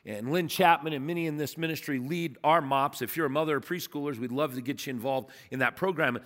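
A man's voice: fairly high pitch, a little fast, a bit bright, in a large hall. A man preaching a sermon as pastor, emphatic and conversational, telling stories to his congregation. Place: church sanctuary.

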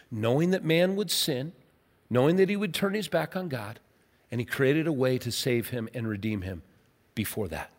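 A man preaching a sermon as pastor, emphatic, asking rhetorical questions and letting his voice drop soft at the ends of phrases. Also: fairly high pitch. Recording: long hall reverb.

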